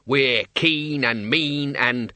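Guy doing a sniffy pompous wizard dean, sarcastic, bright crisp voice. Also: medium pitch, extremely slow, dry recording, heavily acted. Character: pompous excitable male wizard dean, middle-aged.

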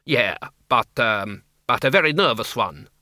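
A man's voice: medium pitch, lively intonation, a little slow, bright, forceful tone, no room sound, studio quality. A man voicing a reluctant middle-aged vampire count who complains constantly. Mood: grumbling. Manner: complaining, whiny.

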